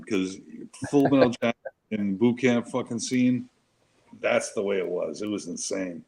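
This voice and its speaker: Brief: male co-host, ex-Marine, deep-ish voice, swears constantly, rambling chatty storyteller. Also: a little slow, a little mellow, low-quality recording. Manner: profane, emphatic, rambling with restarts. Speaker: show co-host, Marine veteran. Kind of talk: casual chat, storytelling.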